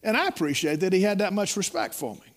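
A man's voice: high-pitched, big pitch swings, fast talker. A middle-aged man preaching a sermon in a folksy storytelling way, repeating words and calling listeners "my friend.".

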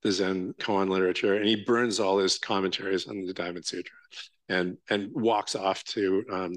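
A man's voice: low-pitched, fairly even intonation, moderate pace, dry recording. A male Zen teacher giving a conversational dharma talk with many fillers, restarts and a frequent "right?".

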